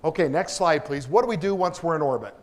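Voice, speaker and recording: A man's voice: on the high side, expressive, fast. Enthusiastic man lecturing with jokes. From Kansas. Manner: enthusiastic, self-deprecating humor. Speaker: propulsion engineer giving a public lecture. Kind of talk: lecture with anecdotes. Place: lecture hall.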